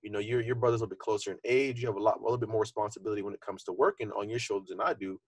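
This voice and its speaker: Young man, podcast co-host, quick talker, slightly husky, earnest, casual. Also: on the low side, steady tone, no echo. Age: young adult. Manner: earnest, reflective, conversational with frequent fillers.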